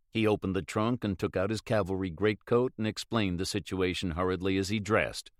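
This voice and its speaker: Guy reading a thriller audiobook, steady and measured, slightly low voice. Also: no echo, studio quality. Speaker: audiobook narrator. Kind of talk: scripted narration.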